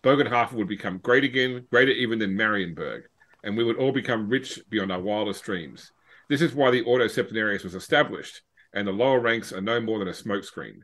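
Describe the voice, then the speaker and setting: A man's voice: on the low side, a bit bright, close to an everyday voice, low-quality recording. A man reading as a frightened cult member. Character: frightened middle-aged male cult member pleading for help.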